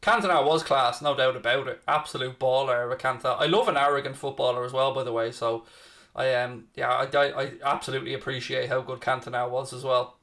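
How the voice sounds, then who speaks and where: Speaking a little fast, this young watchalong host comments on a live football stream and greets viewers by name in a relaxed way. His voice sits in the mid-range, slightly bright, and his intonation stays fairly even.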